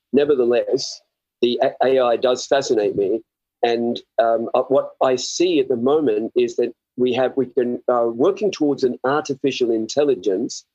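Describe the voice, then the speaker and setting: A man's voice: medium pitch, dark tone, no room sound. An older man with an Australian accent, an author guest giving earnest, rambling, self-searching interview answers over slightly muffled remote audio.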